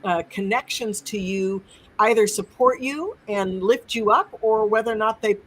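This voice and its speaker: A woman's voice: mid-range voice, normal speed, fairly bright tone, a little hiss or hum. A woman guest on a live stream, enthusiastically explaining crystals with many restarts.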